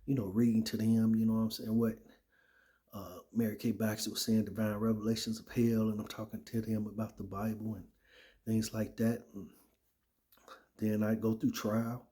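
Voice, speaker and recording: Male, casual testimony-style storyteller, lowish mellow voice, conversational. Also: level tone, normal speed. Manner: conversational, repeats "right?" and "man". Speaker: former soldier sharing his testimony.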